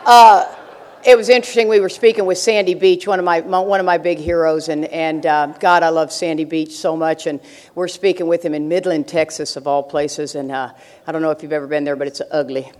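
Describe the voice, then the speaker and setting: A woman's voice: sits low, steady tone, fairly quick, a little mellow. An older woman speaking at a recovery meeting, telling stories with brash, joking humor and frequent laughter. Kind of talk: humorous storytelling talk to an audience.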